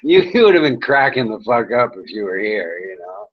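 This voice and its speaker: A man's voice: mid-range voice, big pitch swings, moderate pace. A man hosting an online chat, talking casually, laughing often and mocking a troublemaker in crude language. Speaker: chat room host. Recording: dull lo-fi sound.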